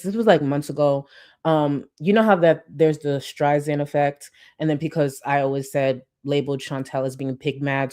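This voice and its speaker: A woman's voice: deep voice, darkish tone. A woman host giving blunt, profane, sarcastic reaction commentary on a streamer's clips.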